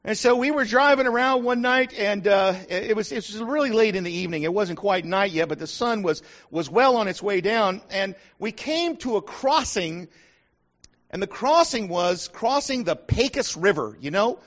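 A man's voice: high-pitched, lively intonation, normal speed, a bit bright. A middle-aged man preaching a sermon, telling a personal story in a folksy way and acting out what people said. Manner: folksy storyteller, acts out quotes. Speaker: pastor. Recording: dull lo-fi sound.

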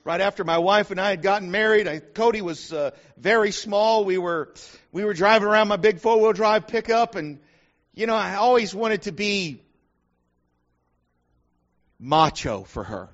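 Middle-aged man, very high voice, folksy preacher telling stories, dull lo-fi recording. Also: normal speed, fairly bright tone. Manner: folksy storyteller, acts out quotes. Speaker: pastor. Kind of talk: sermon with personal story. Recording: dull lo-fi sound.

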